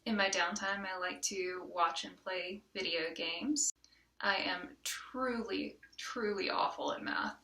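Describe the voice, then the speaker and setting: A woman's voice: fairly low pitch, animated, takes it slowly, pushed and bright, reverberant, far from the mic. A woman from the Southern United States with a light Southern accent, giving a chatty, casual self-introduction as a college student, with frequent ums and restarts.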